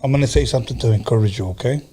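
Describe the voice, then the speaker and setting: A man's voice: mid-range voice, rapid-fire, dark tone, slight background noise. A man hosting a podcast who gives an emphatic, preachy pep talk, repeating his key phrases. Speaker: podcast host. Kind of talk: casual interview, encouraging talk.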